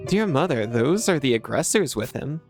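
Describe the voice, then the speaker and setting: A man's voice: mid-range voice, sing-song, moderate pace, music in the background, lightly acted. A man doing an anxious, pleading young son. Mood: urgent. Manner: pleading, urgent. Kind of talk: reading game dialogue aloud.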